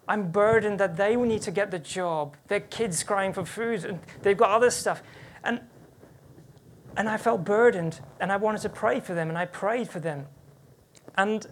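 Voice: medium pitch, slight background noise. A preacher in church, giving a sermon as earnest personal testimony and often restarting sentences.

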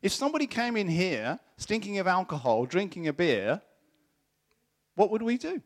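The voice is high and the speed normal as this middle-aged man gives a sermon. He animatedly narrates a personal story, doing the voices of people he quotes.

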